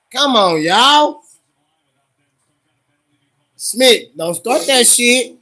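A man livestreaming his reactions to a football game, loud and profane, cheering on and scolding his team. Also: very high voice, animated, drawn-out words, long pauses. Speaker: livestream host.

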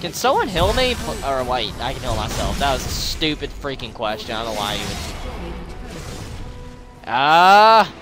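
A young man giving casual, excitable commentary over his own gameplay, rambling and swearing as the game turns. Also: mid-range voice, brisk, few pauses, music in the background.

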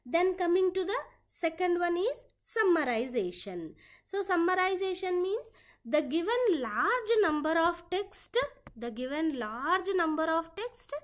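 A woman's voice: very high-pitched, very animated, unhurried. A woman giving a classroom lecture, explaining step by step and repeating her phrases.

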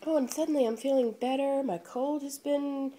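A woman vlogging an unboxing on a handheld phone, gushing and gasping with breathless excitement. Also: high-pitched. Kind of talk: casual unboxing chat. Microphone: phone held in hand.

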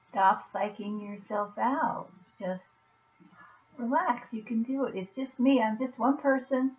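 A woman talking softly and gently to a viewer in a personal video message, reassuring, with halting pauses. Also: fairly high pitch. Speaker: vlogger. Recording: dull lo-fi recording.

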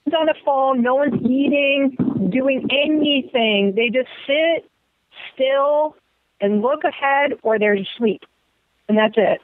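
A woman taking part in a casual interview chat, speaking in a reflective, measured way. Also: sits high, no room sound. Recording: tinny phone-like line.

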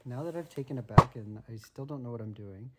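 A man's voice: mid-range voice, brisk, heavy background noise. A man playing a video game with his son at home, joking and asking lots of bemused questions, recorded on a tablet. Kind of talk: casual gameplay commentary. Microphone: tablet microphone.

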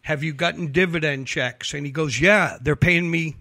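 A man telling a long true-crime story on a talk show, animated and profane, acting out the people he quotes. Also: on the high side, moderate pace, dry recording, clean studio sound. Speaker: investigative reporter guest.

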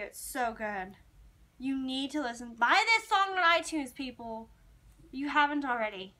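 A young woman chats to her viewers in a casual, rambling vlog. Her voice is bright and sits a little high, and she talks like an excited fan. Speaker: vlogger. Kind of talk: casual chat to camera.

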